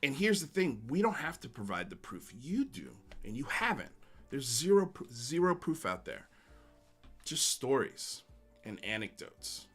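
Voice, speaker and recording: A man's voice: mid-range voice, sing-song, a little slow, a bit bright, soft background music. A man hosting a livestream, ranting bluntly and sarcastically, then reading viewer comments with frequent laughs. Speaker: livestream host.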